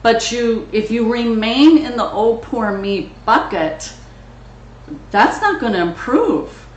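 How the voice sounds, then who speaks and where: A woman's voice: a little high, expressive, slow pace. Frank motivational woman host, echoey room. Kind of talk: coaching talk.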